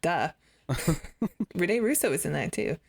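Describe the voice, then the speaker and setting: An American woman co-hosts a relaxed TV review, talking in halting bursts full of ums and dry remarks. Her voice sits on the low side with plenty of gravelly vocal fry. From United States. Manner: hesitant, many fillers, wry. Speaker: co-host of a TV review show. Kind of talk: casual chat.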